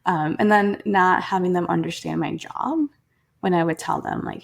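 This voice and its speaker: A young woman speaks as a podcast guest, her voice sitting low with a gravelly edge. She talks in an earnest, candid way, restarting sentences often. She brings relatives to life when she quotes them. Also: moderate pace. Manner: earnest, frequent restarts and "like", quoting family in lively voices. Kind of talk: candid interview storytelling.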